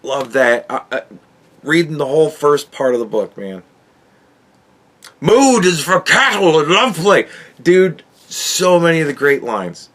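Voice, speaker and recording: A man's voice: medium pitch, a bit bright. A man hosting a podcast, ranting in a casual and profane way, with exasperated outbursts and laughs. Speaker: podcast host reviewing a book.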